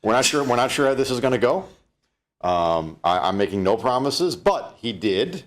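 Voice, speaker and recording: A man's voice: mid-range voice, expressive, moderate pace. A middle-aged man from Canada presenting a live-streamed keynote, chatty and loose, with frequent fillers and restarts. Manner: conversational, fillers, many restarts.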